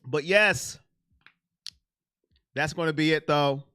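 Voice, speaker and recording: A man hosting a sports livestream, chatting excitedly and directly with his viewers. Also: on the high side, takes it slowly, no room sound, studio quality. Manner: excitable, talks straight to chat. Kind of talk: casual live-stream chat with viewers.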